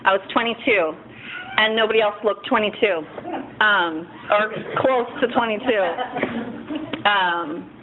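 A woman speaking at a recovery meeting, telling her own story in a candid, self-mocking way, with halting restarts and fillers. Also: medium pitch. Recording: phone-like thin sound with faint room noise.

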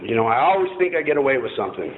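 A man's voice: mid-range voice, sing-song, very fast. Blunt, self-mocking man on a tinny line. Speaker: former Marine telling his story. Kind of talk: personal storytelling to an audience. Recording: tinny phone-like line, faint noise.

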